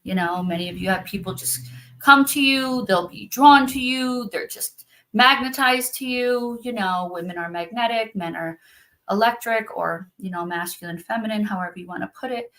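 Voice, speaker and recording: A woman's voice: medium pitch, normal speed, a bit bright. A woman speaking earnestly and from the heart in a casual conversation, as a spiritual practitioner on a video call.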